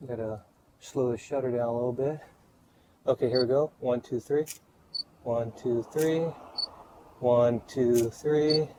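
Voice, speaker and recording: A man's voice: medium pitch, steady tone, a little slow, long pauses, mellow, slight background noise, low-quality recording. A man photographing a model outdoors, out of breath, counting off shots and giving short directions. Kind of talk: on-location shoot commentary. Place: outdoors by a street.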